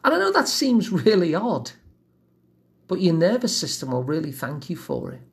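A man giving a calm self-help lesson in a gentle, measured, reassuring way. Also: high-pitched, gravelly. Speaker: wellbeing teacher.

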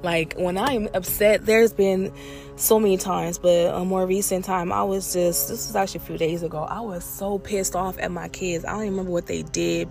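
Recording on a lunch break near an airport, a thirty-something woman hosts her podcast in a fairly low, creaky voice, with a little hiss or hum audible. She speaks candidly and emotionally in a casual monologue, often laughing and using fillers.

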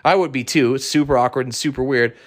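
A man's voice: mid-range voice, fast. Blunt, foul-mouthed man ranting casually. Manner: profane, blunt and opinionated. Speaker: podcast host. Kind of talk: casual solo podcast rant.

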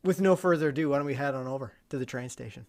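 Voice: medium pitch, rapid-fire, a little mellow. A dog trainer introducing a training lesson in a loose, chatty way. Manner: loose, with fillers and restarts. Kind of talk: casual instructional chat.

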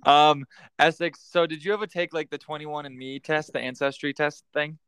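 A man's voice: fairly high pitch, steady tone, normal speed, fairly bright tone, clear, resonant tone, dry recording. Joking man hosting a podcast. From United States. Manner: joking, laughs often. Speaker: podcast host. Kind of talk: casual chat.

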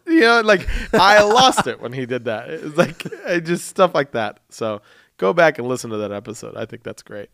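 A young man hosting a podcast, talking in a rambling, jokey, animated way. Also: fairly high pitch, moderate pace, no echo, clean studio sound. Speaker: podcast host. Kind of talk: casual chat.

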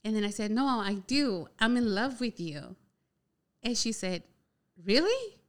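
A young woman casually telling a personal story, chatty and animated, with a lot of "like" filler. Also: on the high side, moderate pace. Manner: chatty, heavy use of "like" filler, animated retelling.

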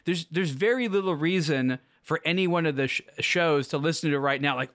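High-pitched man in casual chat. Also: a little fast, a bit bright, no echo, studio quality. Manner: thinking aloud, with restarts. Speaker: podcast co-host.

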